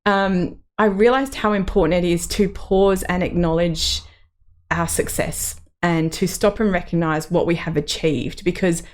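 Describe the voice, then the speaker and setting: A woman's voice: on the low side, fairly even intonation, a little slow. A middle-aged woman, hosting her own podcast in a chatty, open way with plenty of ums. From Australia. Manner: chatty and open, many ums, laughs through emotion. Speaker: podcast host. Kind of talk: solo podcast reflection.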